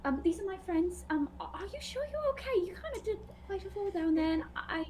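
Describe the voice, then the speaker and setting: A woman's voice: extremely high pitch, very animated, fairly quick, warm tone, a little hiss or hum. Woman playing a flustered, caring young heroine. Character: kind, fretful young woman adventurer.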